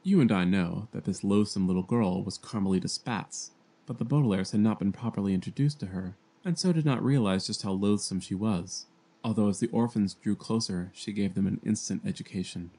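A man reads a children's novel aloud in a gentle, plain storytelling manner. His voice sits low and mellow, and he raises it for the young characters' lines. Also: fairly quick, breathy edge. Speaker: amateur audiobook reader. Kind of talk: fan audiobook reading.

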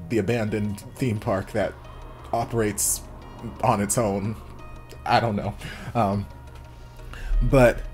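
A man's voice: fairly low pitch, darkish tone. A man hosting a drama reaction channel, chatting casually and gushing through an episode recap while acting out the characters' lines.

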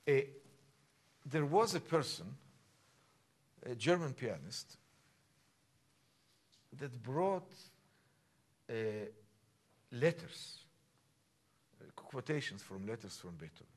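A man's voice: mid-range voice, slow pace, long pauses, breathy edge. An older man teaching a piano masterclass, explaining at length and singing phrases aloud to his student. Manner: animated, sings phrases and shouts encouragement. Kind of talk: masterclass coaching.

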